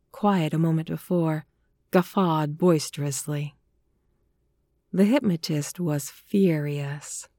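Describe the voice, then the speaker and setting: A woman narrating a horror story in a measured, even storytelling manner. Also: on the low side, no echo, clean studio sound.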